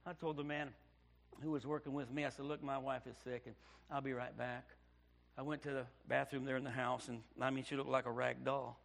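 A middle-aged male pastor, telling his story in a sermon, dropping to hushed tones and then bursting out loud. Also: medium pitch, flat delivery, brisk, gravelly. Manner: preaching with sudden loud outbursts and hushed storytelling. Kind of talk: sermon testimony.

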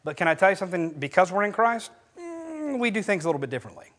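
A man's voice: high voice, quick pace. A middle-aged male pastor preaching a sermon, telling stories with a voice that climbs for quoted lines. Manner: animated storytelling, voice rising for quoted lines.

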